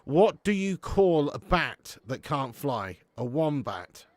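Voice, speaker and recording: A man with a southern English accent chats with his live chat, full of slangy banter and laughter. His voice sits a little high, and the recording is close and dry. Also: sing-song, slow, no echo. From Dorset, England. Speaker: live stream host. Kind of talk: casual watch-along chat reading live chat.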